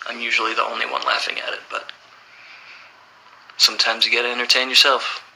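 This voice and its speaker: A man's voice: medium pitch, a little fast, gravelly, rough recording. A man in his thirties casually reading out fan questions on a livestream and answering them plainly. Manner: relaxed, reads questions aloud then answers plainly.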